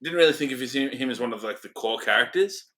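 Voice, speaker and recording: A man gives relaxed opinions on a movie, with some hesitations and frequent laughs. His pitch is mid-range and his tone is bright. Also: fast talker. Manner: easygoing, hesitant, laughs often. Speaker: podcast co-host. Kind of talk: casual film review chat.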